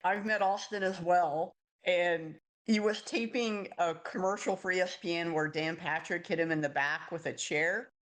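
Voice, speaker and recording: A man's voice: high voice, normal speed, few pauses, a bit bright. A man hosting a podcast, chatting casually and asking his guest questions. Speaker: podcast host. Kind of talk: casual interview.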